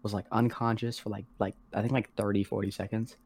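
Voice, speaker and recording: A teenage podcast co-host with a lowish, darkish voice rambles through a story, full of slang, cursing and "like," with little pitch movement. He keeps dropping into quick impressions of the people he mentions, in a loose, unpolished style, with slight background noise.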